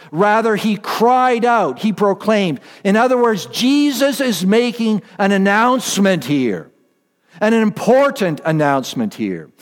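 A man preaching a sermon as pastor, deliberate and emphatic, repeating his key phrases. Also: high voice, big-room sound.

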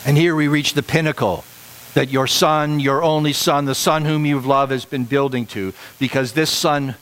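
A middle-aged man preaching a sermon, emphatic and repetitive, pushing his voice higher on the key points. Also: steady tone, moderate pace, a bit bright, rough recording. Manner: emphatic, repeats phrases for stress, rising to higher pitch on key points.

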